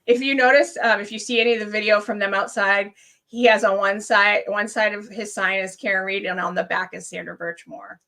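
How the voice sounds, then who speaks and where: A woman chats as a guest on a live stream. She tells her story with plenty of energy and acts out the quotes in it. Her voice sits at an ordinary middle pitch for a woman. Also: fairly even intonation, fairly quick, bright, forceful tone. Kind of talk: casual live-stream chat.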